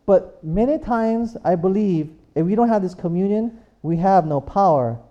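Preacher giving a sermon, warm low-key voice, keeps asking amen? and repeating stuff. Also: lively intonation, moderate pace, highs cut off. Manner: repetitive, rhetorical, calls for amens.

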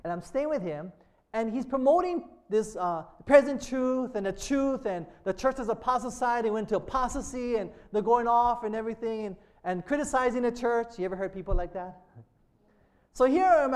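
A male pastor preaching a sermon in a call-and-response manner, often checking in with "amen?" and slowing down to read quotations aloud. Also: high voice. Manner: slows and lifts voice reading quotations aloud.

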